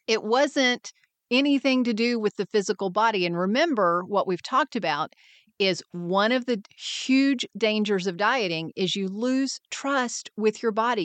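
Woman podcast host, mid-pitched, encouraging and upbeat, dry close-mic sound. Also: dry recording. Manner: upbeat, encouraging, acts out quoted voices. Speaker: podcast host and wellness mentor. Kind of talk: scripted podcast monologue.

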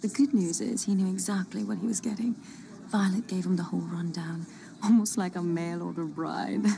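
An actress playing a snide, condescending socialite who mocks a newcomer in a film clip. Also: female voice, on the low side, fairly even intonation, moderate pace, creaky, mellow, slight background noise. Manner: catty, mocking.

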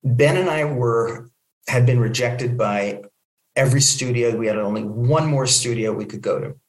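A man telling a long anecdote in an interview and acting out the people in it with lively quoted voices. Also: mid-range voice, moderate pace, echoey room, poor audio. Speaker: guest, film producer. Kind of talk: storytelling in an interview.

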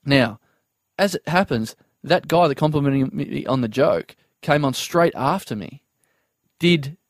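A man's voice: mid-range voice, animated, measured pace, no room sound, studio quality. A man telling a comedy story in casual podcast chat, acting out quoted voices and laughing often.

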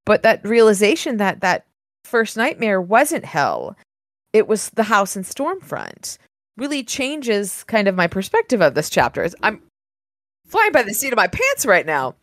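A woman hosting a book podcast, reading a novel aloud and breaking in with excitable commentary and the odd swear. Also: medium pitch, no room sound, studio quality. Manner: excitable, swears when surprised. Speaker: podcast host.

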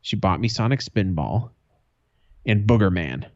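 A man's voice: on the low side, animated, a little slow, darkish tone, no room sound, highs cut off. A man in his thirties co-hosting a podcast, telling swearing, laughing stories and acting out his family's lines. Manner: swearing, laughing storyteller who acts out family quotes. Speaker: podcast co-host. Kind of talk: casual chat.

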